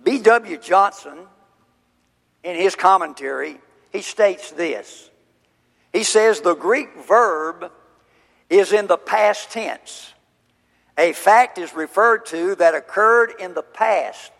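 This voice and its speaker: A man preaching a sermon, expounding scripture slowly and emphatically. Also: high voice, creaky, fairly bright tone. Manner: slow, emphatic scripture exposition. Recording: hall reverb.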